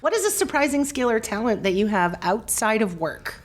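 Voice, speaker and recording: A woman hosting a casual interview podcast, playful and quick to laugh. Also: on the high side, sing-song. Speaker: podcast host.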